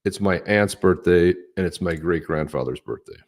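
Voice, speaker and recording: A man's voice: low-pitched, moderate pace. A man co-hosting a live stream, chatting casually and upbeat, greeting viewers by name. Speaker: podcast co-host.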